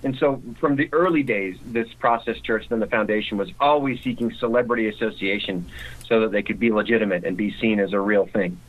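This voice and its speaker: A man's voice: on the low side, a little fast, phone-quality sound. A man speaking as a guest in a casual interview, talking conversationally with frequent restarts.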